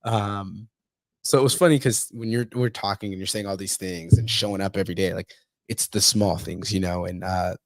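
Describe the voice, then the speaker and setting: Here the host's voice sits low and steady, moving at a moderate pace in a clean, echo-free studio recording. He tells stories in a relaxed podcast chat, swearing a lot and laughing along.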